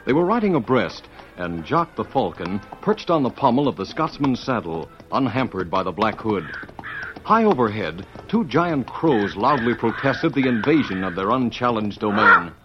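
A man narrating in a measured, dramatic voice of middle pitch, with soft music under him. The sound is dull and muffled, an old radio recording. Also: very animated. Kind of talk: scripted narration.

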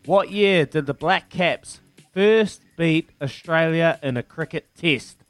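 Matey New Zealand radio quiz host. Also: male voice, on the high side, takes it slowly, dry recording, faint music behind. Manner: matey and teasing, counts down aloud. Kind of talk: breezy radio quiz banter with callers. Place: radio studio.

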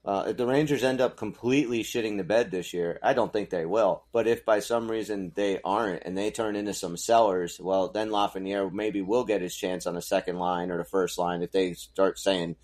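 A man's voice: low voice, steady tone, normal speed, few pauses, darkish tone. A man co-hosting a podcast, chatting casually about hockey, swearing and laughing easily. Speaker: podcast co-host. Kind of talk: casual sports chat.

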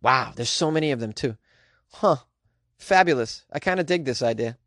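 A man's voice: medium pitch, expressive, moderate pace, fairly bright tone, no room sound, clean studio sound. A man hosting a comedy news podcast, chatting casually with slangy asides and frequent laughs.

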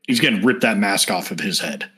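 Bright-voiced podcast co-host man. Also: on the low side, lively intonation, brisk. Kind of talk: casual podcast banter.

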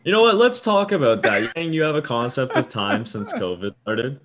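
A tired man co-hosting a casual sports podcast, chatting with dry, deadpan humor. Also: mid-range voice, fairly quick. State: tired and yawning. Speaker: podcast co-host. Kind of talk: casual chat.

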